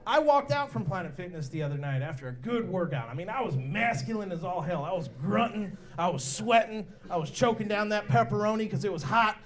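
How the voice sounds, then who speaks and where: Brash high-pitched male comedian. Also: lively intonation, a little fast, few pauses. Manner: brash, rowdy, crude. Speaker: stand-up comedian. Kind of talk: stand-up comedy set. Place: bar and grill comedy night.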